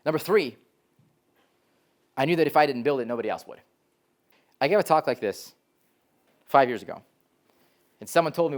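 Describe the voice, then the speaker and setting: A young man giving a live talk to a college class as a startup founder, telling stories in a lively way, full of "like" and "um," and acting out quoted voices. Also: medium pitch, fairly quick, long pauses. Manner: lively storyteller, frequent "like" and "um", animated quoted voices.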